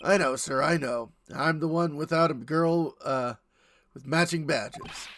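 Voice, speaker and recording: A man voicing a jittery, overeager young male patrol officer who loudly ends every sentence with "sir". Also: on the high side, measured pace. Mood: nervous, eager. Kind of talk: voicing a game character in a playthrough.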